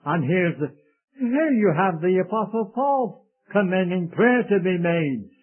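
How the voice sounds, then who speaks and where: Solemn high-voiced preacher, tinny recording. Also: male voice, expressive, measured pace, husky. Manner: earnest, solemn, addresses listeners as beloved. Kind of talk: sermon.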